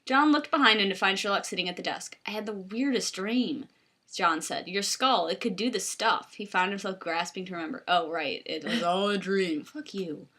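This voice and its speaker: A woman with a bright, sharp voice reads trashy fan fiction out loud. She is blunt and unimpressed, dropping curses into her commentary. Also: mid-range voice, moderate pace. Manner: blunt, swears freely, exasperated commentary. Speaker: fanfiction reader. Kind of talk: mocking dramatic reading.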